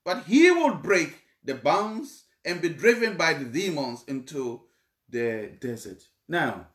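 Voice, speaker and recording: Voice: mid-range voice, big pitch swings, takes it slowly, echoey room. A preacher explaining a Bible passage in a sermon, repeating points and checking in with the congregation.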